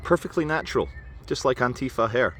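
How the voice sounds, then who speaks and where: This British vlogger's mid-range voice is expressive and fairly quick, with background noise around it as he walks outdoors filming himself. He meanders through a wry monologue, thinking aloud and throwing in asides.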